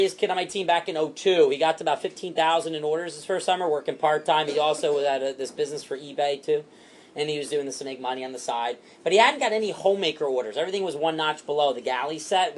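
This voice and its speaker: A man training a sales team, animated and repetitive, acting out what to say to customers. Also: a little high, a little hiss or hum. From Italian heritage. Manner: animated, fast and repetitive, acts out customer lines.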